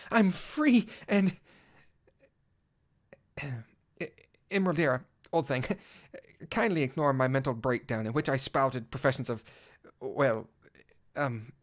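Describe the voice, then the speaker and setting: A man voicing a vain, gallant male cat-knight bard in a fan audio drama, speaking in flowery, old-fashioned words and shifting from pompous to flustered. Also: on the high side. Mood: excited. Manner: theatrical, swinging from pompous to flustered. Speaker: narrator. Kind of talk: first-person fan audio drama reading.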